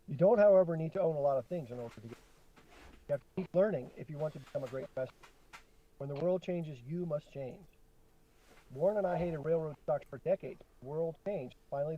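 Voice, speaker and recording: A middle-aged man co-hosting a podcast with his son, reading a letter aloud slowly and chatting between passages. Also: fairly high pitch. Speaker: podcast co-host, father. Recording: dull lo-fi sound.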